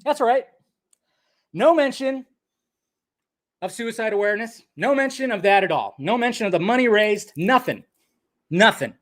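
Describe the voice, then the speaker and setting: A man hosting his own live stream, speaking at a fairly high pitch. He rants in an excitable way, swears freely and laughs off his own slips. It sounds like a home desk microphone. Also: moderate pace, long pauses. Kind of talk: ranting live-stream commentary.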